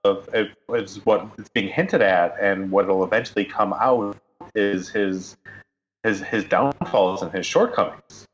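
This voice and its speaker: A man co-hosting a podcast, analysing a film in a halting, thoughtful way over a dull lo-fi mic. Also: on the low side, soft background music. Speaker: podcast co-host. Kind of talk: casual film discussion.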